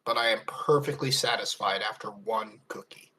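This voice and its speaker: Guy rambling excitedly in casual chat with his friends. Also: lowish voice, moderate pace, slightly rough. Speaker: player.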